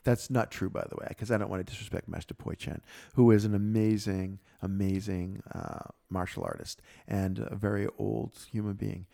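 A middle-aged man co-hosting a podcast, telling a personal story in a casual, reflective way and lively when quoting others. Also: on the low side, moderate pace, creaky, few pauses. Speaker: podcast co-host.

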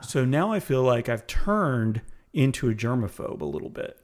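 A man co-hosting a podcast in casual chat, talking loosely and filling pauses with "like" and "uh". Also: mid-range voice, sing-song. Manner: chatty, many fillers like "like" and "uh". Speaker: podcast co-host.

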